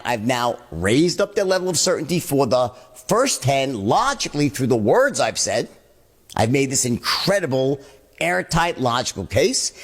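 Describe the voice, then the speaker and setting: A man teaching a sales lesson, switching in and out of both sides of a sales call as he explains it. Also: mid-range voice. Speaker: sales trainer.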